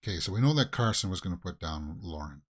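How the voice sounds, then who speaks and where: A man's voice: sits low, animated, quick pace, slightly rough. A man hosting a watch-along reaction video, giving casual commentary that swings into exasperated rants with repeated questions.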